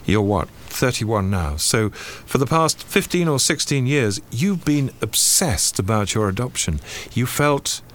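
An actor playing a priest who questions a suspect in a measured, probing, sardonic way. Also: male voice, medium pitch, sing-song. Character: shrewd male priest interrogating a suspect. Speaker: priest investigator.

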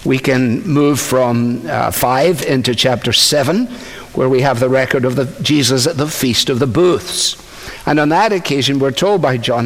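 A man preaching a sermon, explaining a passage in a conversational way with asides to his listeners. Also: mid-range voice. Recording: long hall reverb.

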